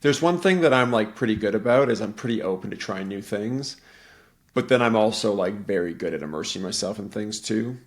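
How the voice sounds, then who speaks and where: A man's voice: lowish voice, animated, brisk. A middle-aged man in casual conversation, telling a rambling story and acting out the voices of the people in it.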